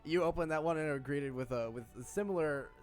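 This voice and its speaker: A man's voice: a little high, soft background music. Man running a tabletop game. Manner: relaxed, halting, with fillers and laughs. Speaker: game master. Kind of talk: narrating a tabletop game on a stream. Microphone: headset.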